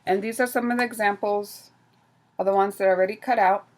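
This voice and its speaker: A woman's voice: mid-range voice, fairly even intonation, fairly quick. A woman hosting a craft tutorial, explaining each step casually while she works, often restarting her sentences. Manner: casual, talks while working, frequent restarts.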